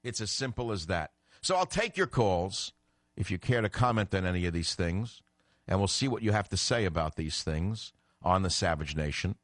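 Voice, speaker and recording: Talk radio host, middle-aged man, lowish voice, dry studio sound, combative and emphatic. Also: lively intonation, moderate pace, dry recording. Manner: combative, emphatic, swings from low to loud outbursts. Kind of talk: political talk radio monologue.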